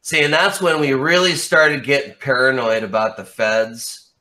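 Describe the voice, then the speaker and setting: A man as an interview guest in casual chat, telling a story in an animated way and swearing freely. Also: mid-range voice, normal speed.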